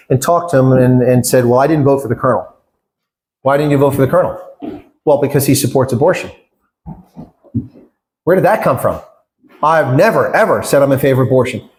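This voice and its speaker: A middle-aged man answering questions in an interview, with a voice pitched right in the middle range. He talks in an emphatic, indignant way and often asks rhetorical questions. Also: darkish tone. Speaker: interview guest, former election candidate.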